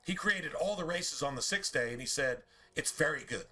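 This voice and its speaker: Forceful, bright-voiced man ranting on stream. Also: a little high, animated, moderate pace. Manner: forceful, profane, preachy, rhetorical questions. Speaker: game streamer. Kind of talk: casual livestream rant.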